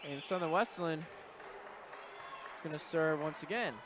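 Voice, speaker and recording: A young man with a somewhat high voice calls a volleyball match play by play in a brisk, chatty way. The broadcast audio is noisy, with gym sounds and bouncing balls clearly under his voice. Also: crowd noise. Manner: brisk, conversational play-by-play calling. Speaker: play-by-play commentator. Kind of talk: live volleyball commentary. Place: indoor college gym. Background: gym noise with bouncing balls.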